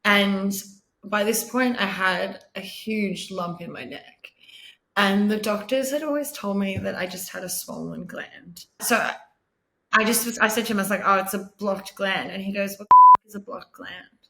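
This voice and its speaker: A woman in her thirties with an Australian accent candidly tells her own patient story in a conversational, personal storytelling interview. Her voice is medium-pitched and fairly bright at normal speed, with a roomy sound. She acts out what others said to her and laughs wryly.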